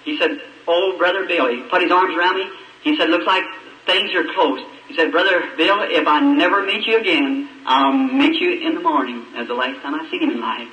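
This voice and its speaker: A man's voice: fairly high pitch, a little fast, bright, forceful tone, reverberant, distant mic, rough recording. A man preaching a sermon, telling a personal story in a fervent, pleading voice. It is an old radio recording. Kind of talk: sermon testimony.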